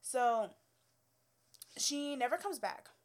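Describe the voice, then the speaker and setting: Chatty, profane young woman, slightly high voice. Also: animated, slow pace. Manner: profane, laughing, acts out quoted voices. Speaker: hairstylist. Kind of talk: casual storytelling chat.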